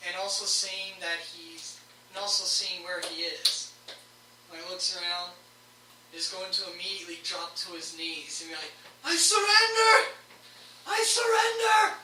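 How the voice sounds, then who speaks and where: A woman's voice: lowish voice, little pitch movement, normal speed. A woman running a tabletop game as game master, narrating rolls in a matter-of-fact way. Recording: echoey room from far off, background noise.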